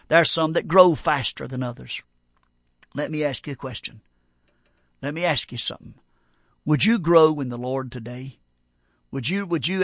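A man preaching a sermon, emphatic and folksy, shifting between loud exhortation and quiet prayer. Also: a little high, no echo, clean studio sound.

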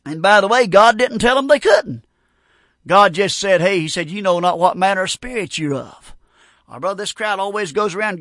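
Fiery preacher man, high and bright. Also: fairly quick, dry recording, clean studio sound. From North Carolina. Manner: fervent, folksy, bursts into shouts. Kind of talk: fiery revival sermon. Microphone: broadcast on radio.

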